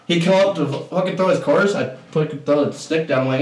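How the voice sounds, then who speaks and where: Profane, animated man telling a bar story. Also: fairly high pitch, a little fast, recorded from a distance. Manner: heavy swearing, animated retelling of an argument. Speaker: podcast co-host. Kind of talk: casual chat, storytelling. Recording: roomy, off-mic sound.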